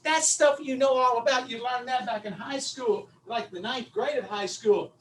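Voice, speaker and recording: High-pitched emphatic man. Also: moderate pace, far from the mic, slight background noise. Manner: emphatic, repetitive punchy delivery. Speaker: guest speaker on public speaking. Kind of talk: animated coaching talk. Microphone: video call.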